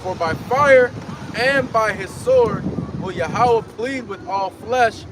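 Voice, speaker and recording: A man reading scripture aloud in a slow, measured way at a street preaching. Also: sits high. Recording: distant outdoor recording with street noise.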